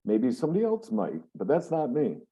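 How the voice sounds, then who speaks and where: A man's voice: mid-range voice, wildly swooping pitch, fairly quick, mellow. A man hosting a webzine interview in a casual, joking, teasing way. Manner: laid-back, joking, teasing. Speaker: webzine host.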